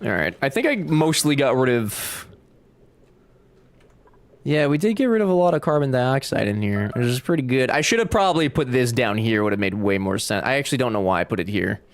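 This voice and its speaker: A man's voice: medium pitch, lively intonation, brisk. A young man chatting casually while streaming a game, joking and reading chat aloud. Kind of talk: casual gameplay livestream chat.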